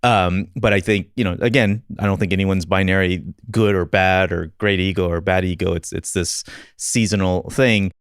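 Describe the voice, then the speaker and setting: A man's voice: low-pitched, steady tone, normal speed, few pauses, smooth, no room sound, clean studio sound. A man hosting a podcast conversation, telling stories in a casual, self-deprecating way and laughing often. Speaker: podcast host.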